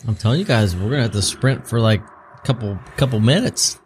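A man's voice: on the low side, animated, fairly quick, slight background noise. A young man playing a tabletop game, chatting in an easygoing, joking way. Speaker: player. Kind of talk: casual game chat.

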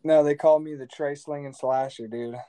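A man's voice: on the high side, steady tone, moderate pace, warm tone, smooth. A man as a guest in a casual chat, speaking in a laid-back, plain-spoken way. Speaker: podcast guest.

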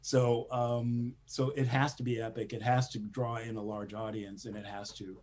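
With a medium-pitched, slightly mellow voice and flat delivery at normal speed, a man who writes for animation chats casually as an interview guest. He rambles, laughs frequently, and uses many fillers and restarts.

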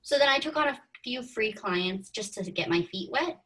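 A woman's voice: on the high side, expressive, normal speed, a bit bright, breathy edge. A woman in her thirties, a podcast guest, chatting through her story and acting out her own past thoughts. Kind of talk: casual interview storytelling. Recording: distant from the mic.

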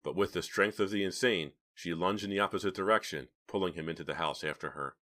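A man narrating a horror novel as an audiobook reader, in steady, dramatic storytelling. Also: low-pitched, fast talker. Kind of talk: scripted narration.

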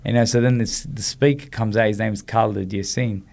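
A man's voice: on the low side, moderate pace, creaky. An Australian man as an interview guest, telling stories casually and acting out the dialogue, with many "you know"s. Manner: animated, acts out quoted dialogue, frequent "you know". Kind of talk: casual storytelling in conversation.

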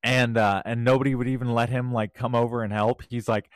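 A man co-hosting a podcast, telling anecdotes casually and getting animated when he acts out what others said. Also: mid-range voice, quick pace, few pauses, dry recording, clean studio sound. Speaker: podcast co-host.

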